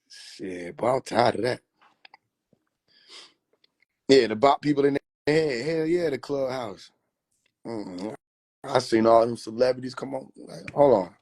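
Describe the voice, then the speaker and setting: A man's voice: medium pitch, a little mellow, breathy edge. A man chatting casually on a phone livestream, loose and profane, laughing often. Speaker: livestream host.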